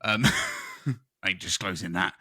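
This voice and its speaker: Low-voiced excitable man. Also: a little slow, dry recording, studio quality. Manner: excitable, rambling storyteller. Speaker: podcast co-host. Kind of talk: casual chat.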